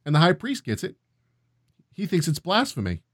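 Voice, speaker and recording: A man co-hosting a casual scripture discussion, reading passages aloud and thinking out loud, often checking in with "right?". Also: on the high side, wildly swooping pitch, moderate pace, dry recording, clean studio sound. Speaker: co-host of a Bible discussion.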